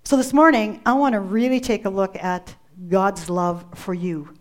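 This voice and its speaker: A woman's voice: mid-range voice, fairly even intonation, moderate pace. A woman preacher delivering a sermon, emphatic, repeating key phrases and calling on listeners by name.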